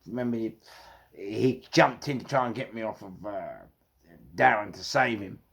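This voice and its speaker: A middle-aged man with a London accent telling rough stories casually, swearing heavily and repeating words for emphasis. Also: fairly low pitch, fairly bright tone. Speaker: storyteller. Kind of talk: casual storytelling.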